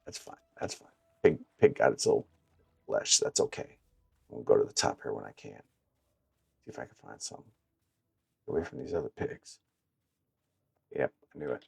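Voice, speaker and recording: A gravelly, husky-voiced man rambles through a game session and launches into blunt, profane rants. His pitch swings widely as he tells his stories. The clip-on mic gives a close, dry sound. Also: normal speed, pauses often, no room sound. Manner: blunt, profane, animated storyteller. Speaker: gaming streamer. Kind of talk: casual gameplay commentary and rant. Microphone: wireless clip-on mic.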